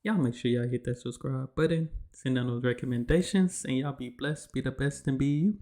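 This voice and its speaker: A man talks through a reaction video in a laid-back, conversational way. His voice sits at an ordinary middle pitch. He sounds easygoing and informal, the way a host chats straight to his viewers. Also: brisk, warm tone. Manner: laid-back, chatty, says y'all. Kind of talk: casual reaction commentary.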